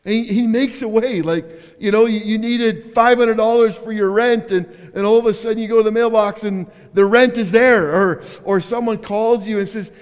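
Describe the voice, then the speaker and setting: High-voiced preaching man in a reverberant hall. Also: fairly even intonation, normal speed, hardly any pauses, clean tone. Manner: preaches with sudden loud calls and hushed asides, repeats words. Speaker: pastor. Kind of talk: sermon.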